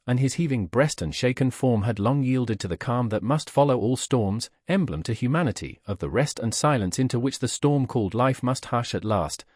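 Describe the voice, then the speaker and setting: Husky guy reading an old novel, lively voice, dry close sound. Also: mid-range voice, dry recording. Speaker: audiobook narrator. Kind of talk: scripted narration.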